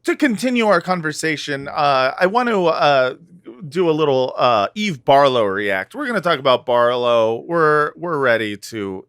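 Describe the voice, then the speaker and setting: A man's voice: on the high side, expressive, moderate pace, a bit bright, clean tone, dry recording, clean studio sound. A man co-hosting a podcast, joking around in casual chat and laughing often. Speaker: podcast co-host.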